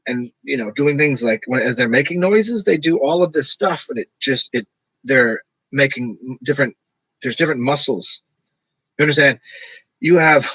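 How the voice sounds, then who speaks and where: Streamer type, male, husky, loose and rambling, self-described monotone, dry close sound at home. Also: mid-range voice, no room sound, rough recording. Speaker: streamer talking to live chat. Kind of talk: casual rambling livestream chat.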